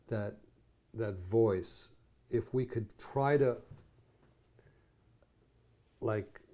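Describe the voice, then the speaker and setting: A man's voice: lowish voice, dark tone. A psychologist in his sixties co-hosting a podcast, chatting casually and rambling through long analogies. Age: 60s. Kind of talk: casual conversational chat.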